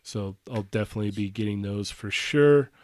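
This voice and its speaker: A man in a casual chat, relaxed and leaning on "like" and "um" as he talks. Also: fairly low pitch, normal speed, no room sound. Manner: relaxed, heavy on "like" and "um".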